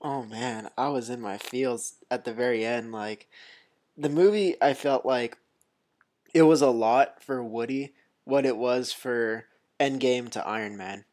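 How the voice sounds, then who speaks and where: A man co-hosting a movie podcast, talking in a relaxed, rambling way with lots of fillers. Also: medium pitch, measured pace. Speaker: podcast co-host. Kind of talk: casual chat.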